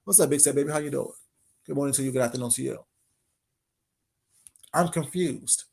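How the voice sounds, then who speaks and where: A man giving a brash, confrontational casual monologue as an online commentator. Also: fairly high pitch.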